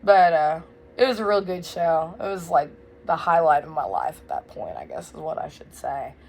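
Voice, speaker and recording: A young woman telling a wild story in a casual, blunt, profane way, loud and animated. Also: sits low, normal speed, slight background noise. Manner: blunt, profane, swears freely. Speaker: vlogger.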